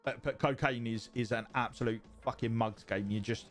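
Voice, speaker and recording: A man's voice: mid-range voice, fairly even intonation, moderate pace, faint music behind. A man streaming from home, chatting casually with viewers in a rambling, sweary way that repeats itself. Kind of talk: casual livestream chat reading viewer messages.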